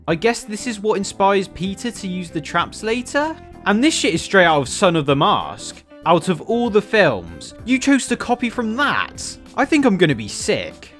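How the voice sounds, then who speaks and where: A man's voice: sits high, very animated, moderate pace, few pauses, a bit bright, soft background music. Sarcastic man reviewing a film. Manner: sarcastic, exasperated, profane. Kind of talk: comedic film review commentary.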